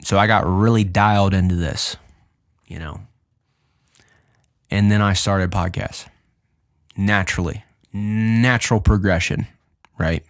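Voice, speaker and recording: Young male podcast host, fairly low voice, lively casual delivery with a swinging pitch. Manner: animated, deliberately shifts his pitch up and down. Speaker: podcast host and music producer. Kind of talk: casual podcast talk explaining his own music.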